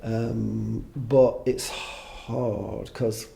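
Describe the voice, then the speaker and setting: A man's voice: on the low side, level tone, extremely slow, vocal fry, warm tone. A man in his fifties, a podcast guest, chatting casually in a rambling way, swearing freely and making fun of himself. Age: 50s. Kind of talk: casual conversation.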